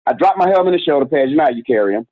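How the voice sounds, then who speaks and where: Speaking very fast in an animated, higher-pitched voice, a man in his forties who directs a youth organization shares a story as an interview guest. He's candid and slangy, and the audio sounds dry, tinny and phone-like.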